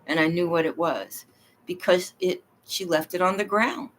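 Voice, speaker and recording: A woman's voice: fairly low pitch, big pitch swings, moderate pace. Rambling woman telling a personal story. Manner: rambling, emphatic, acts out quoted dialogue.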